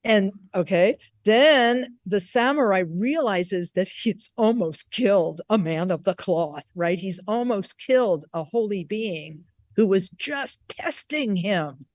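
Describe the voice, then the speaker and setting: A woman Buddhist teacher telling a story on a video call, unhurried and given to restarts and repeated words. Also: mid-range voice, expressive, darkish tone. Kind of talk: storytelling in a recorded conversation.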